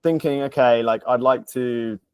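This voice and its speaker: A man's voice: medium pitch, fairly even intonation, normal speed, smooth, dry recording. A man hosting a casual interview, laid-back and peppering his speech with "like" and "mate". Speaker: podcast host, business coach.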